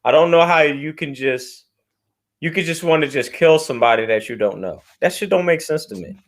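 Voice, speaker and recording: He talks briskly in a fairly high voice, bantering casually as a podcast co-host. Animated and playful, he cracks jokes and laughs easily.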